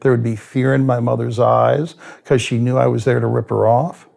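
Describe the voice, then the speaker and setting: Gravelly, blunt older man telling stories. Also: mid-range voice, moderate pace. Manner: blunt, profane, animated storyteller who laughs at himself. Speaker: addiction expert guest. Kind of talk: candid interview storytelling.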